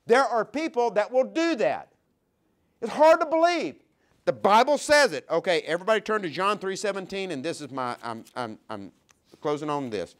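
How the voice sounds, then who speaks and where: High-voiced animated male preacher. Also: normal speed. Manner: acts out quoted voices, reads scripture aloud; animated preaching with sharp swings in loudness. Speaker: pastor. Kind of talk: sermon.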